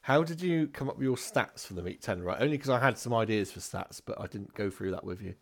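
A man running a tabletop game in a relaxed, chatty way, laughing often. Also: lowish voice, quick pace, vocal fry. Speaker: game master.

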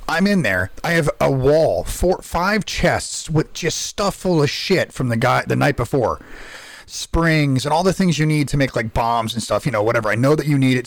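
A man co-hosting a casual podcast, telling profane, excited stories about a survival game with lots of restarts. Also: fairly high pitch, dry recording. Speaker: podcast co-host and streamer.

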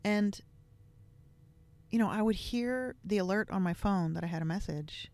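A woman's voice: mid-range voice, moderate pace, darkish tone, dry recording. A woman hosting a podcast, telling a personal family story in a candid, reflective way with many casual fillers. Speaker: podcast host.

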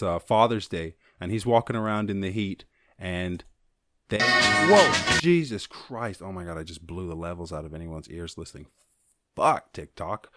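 A man hosting his own show, talking loosely and profanely in a jokey solo monologue and slipping into quick silly voices. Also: low voice, no echo, clean studio sound. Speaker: podcast host. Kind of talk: casual comedic monologue.

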